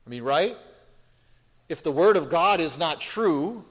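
A man preaching a sermon with a somewhat high voice. He talks in a chatty way, leans hard on key words and throws out rhetorical questions. The sound rings with the long reverb of a big hall. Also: animated, measured pace, a bit bright, breathy edge. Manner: conversational, emphatic, rhetorical questions, frequent restarts.

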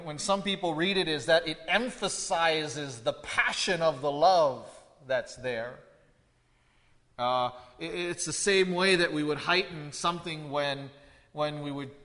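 A man preaching a verse-by-verse sermon, deliberate and repeating key phrases for emphasis. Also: on the high side, fairly bright tone, in a large hall. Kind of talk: expository sermon.

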